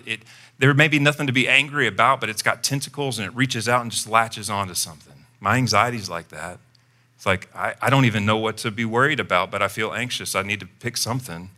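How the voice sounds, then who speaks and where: Bright-voiced pastor preaching casually. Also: male voice, medium pitch. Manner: conversational storytelling, animated when quoting himself. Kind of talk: sermon.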